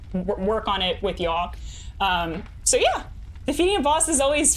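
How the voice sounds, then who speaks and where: A young woman, chatting casually with her live chat while gaming, bubbly and quick to laugh. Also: fairly high pitch, fairly bright tone, slight background noise. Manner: bubbly, laughs often, reads chat aloud. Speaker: streamer.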